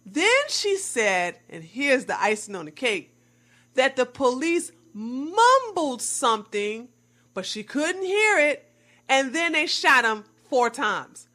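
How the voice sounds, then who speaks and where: A woman commentator with a high, lively voice speaks slowly and with a bright edge. She mocks the claims she reviews and chats to her viewers as y'all. Her delivery stays sarcastic and pointed. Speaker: commentary vlogger. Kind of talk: scripted commentary.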